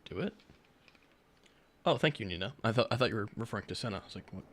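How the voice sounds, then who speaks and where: A man's voice: lowish voice, lively intonation, fast talker. A young man chatting casually with his stream chat while gaming, rambling, sarcastic and swearing a lot.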